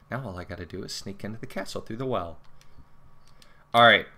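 Bright-voiced, profane let's play commentator. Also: male voice, on the low side, fairly quick, pauses often. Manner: profane, joking, animated outbursts. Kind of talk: casual game commentary, reading dialogue aloud.

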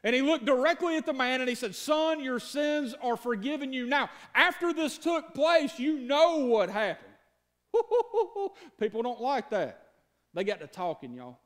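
A man's voice: very high voice, big pitch swings, unhurried, fairly bright tone. A man preaching a sermon as pastor, telling the story in a folksy, conversational way and talking straight to his congregation.

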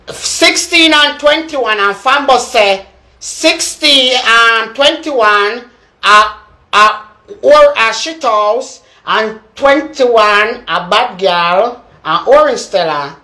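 A young woman with a strong Jamaican accent rants on camera, hammering the same points and calling someone out by name. Her voice sits on the higher side, and she talks in a heated, repetitive, confrontational way. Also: slow pace, pushed and bright. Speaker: social media personality. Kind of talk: ranting live video.

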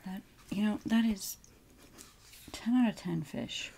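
A woman's voice: medium pitch, takes it slowly, vocal fry, mellow, slight background noise. A woman who is an ASMR creator, chatting casually and giggling often. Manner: giggly, keeps breaking into laughter. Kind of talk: casual chat.

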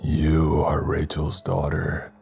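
Old grandfather villain done by a man, frail, wheezing, slow croak, faint music behind. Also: rumbling low, flat delivery, a little mellow, full character voice. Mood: croaking menace. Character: frail, cruel old grandfather patriarch, male.

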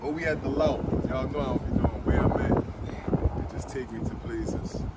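A man's voice: mid-range voice, brisk. A man talking playfully to his camera during a video shoot, hyping up his viewers. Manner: playful, hyped, talks straight to viewers. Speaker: rapper filming a behind-the-scenes vlog. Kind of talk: casual vlog talk to camera. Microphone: handheld camera. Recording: loud wind noise on camera mic.

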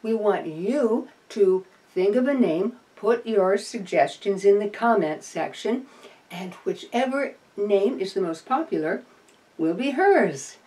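A woman speaks in an unhurried, wry home-video chat, her voice rising and falling freely. She teases the audience and turns tender when she talks to her little companion. The mic sits some distance from her. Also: mid-range voice, lively intonation, warm tone. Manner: dry playful humor, coos tenderly to her opossum. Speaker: opossum rescuer and vlogger. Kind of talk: casual chat to camera.

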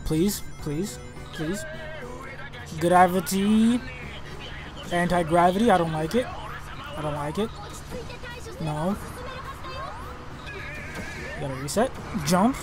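A young man giving let's play commentary on a video game, excitable and reactive, often exclaiming and swearing. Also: on the high side, slow, long pauses. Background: game music.

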